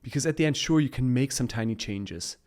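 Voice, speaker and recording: A man's voice: mid-range voice, a little fast, darkish tone. Upbeat man giving speaking advice. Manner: upbeat, laughs often, coaching tone. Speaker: podcast guest. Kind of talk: casual podcast conversation.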